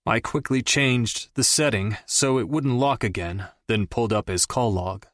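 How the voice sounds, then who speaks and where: A man narrating a first-person crime story in a measured, dramatic storytelling manner. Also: medium pitch, a bit bright, no echo, studio quality. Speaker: audiobook narrator.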